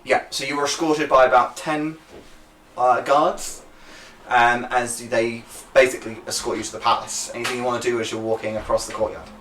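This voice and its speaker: A man's voice: mid-range voice, level tone, brisk, a bit bright, echoey room, far from the mic, slight background noise. A man narrating as game master of a tabletop game, loose and casual with many fillers.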